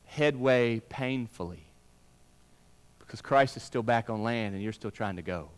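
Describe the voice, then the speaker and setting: A male pastor preaching a sermon, swinging between emphatic lines and hushed, drawn-out words. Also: medium pitch, clean tone. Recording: long reverb of a large room.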